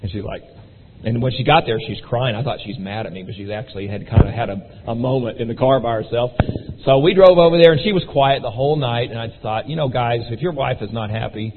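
A man tells his story to an audience at a brisk clip, acting out the voices of the people in it. The sound is thin and phone-like, with a long hall reverb trailing behind him. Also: mid-range voice, background noise. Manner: animated, acts out quoted voices. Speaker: speaker telling his business story.

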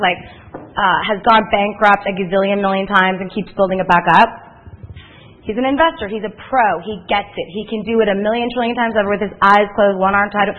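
A lively woman addresses a crowd at a sales meeting, spinning chatty stories with plenty of energy. Her voice sits fairly high. The sound is thin and tinny, as if heard over a phone line. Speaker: motivational speaker at a sales meeting. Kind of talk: animated storytelling to a live audience.

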